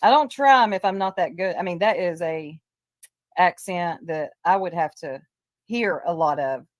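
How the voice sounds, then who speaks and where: A woman's voice: fairly low pitch, normal speed. A woman from Tennessee with a Southern accent, gossiping bluntly on a casual livestream and laughing often. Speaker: streamer.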